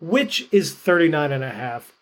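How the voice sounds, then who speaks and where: A man's voice: on the high side, lively intonation, normal speed, fairly bright tone. A man co-hosting a casual sports betting podcast, talking in a chatty, rambling way full of "like" and "you know.". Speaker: podcast co-host picking games.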